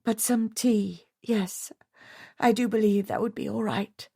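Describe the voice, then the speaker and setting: A distraught society widow, as a woman reads her part, her voice climbing high and strained. She pleads and frets in a dry, close storybook narration. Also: fairly even intonation, a little slow, gravelly, dark tone, husky, no echo. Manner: pleading, teary, strained and rising.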